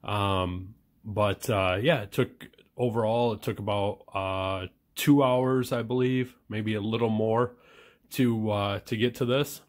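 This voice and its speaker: A man hosting a casual home cooking vlog, talking through his process in a relaxed way with many fillers and restarts. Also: on the low side, slow pace. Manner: talks while chewing at times. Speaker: home cook and channel host.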